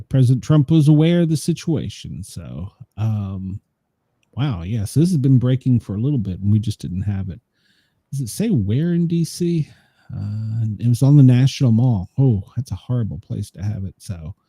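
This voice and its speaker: A man's voice: mid-range voice, mellow, husky, dry recording. A man, co-hosting a daily news show, reading headlines and the weather in a loose, chatty way and often trailing off with "so". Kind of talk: casual news and weather chat.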